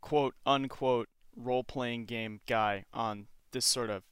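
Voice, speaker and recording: A man's voice: medium pitch, steady tone, slow, clear, resonant tone, dry recording, studio quality. A young man hosting a casual podcast chat, joking and ironic, often laughing. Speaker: podcast host.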